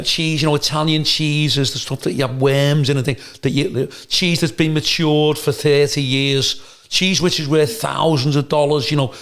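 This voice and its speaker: A podcast co-host with a gravelly, rather high voice talks bluntly and swears plenty during a casual chat. He tells his stories with lots of animation.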